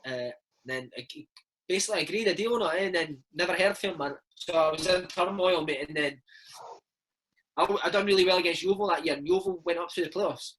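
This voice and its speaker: A Scottish former footballer in his thirties tells stories in a casual interview, his high voice a little fast and a bit bright. He's a chatty storyteller who keeps dropping "mate" and "man" into his talk. The audio quality is poor.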